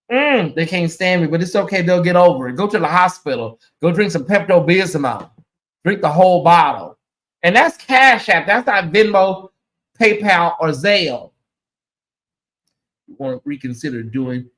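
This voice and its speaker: A man hosting a casual livestream, talking straight to his viewers in a sassy, animated way, thanking supporters and teasing his critics. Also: on the high side. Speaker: livestream host.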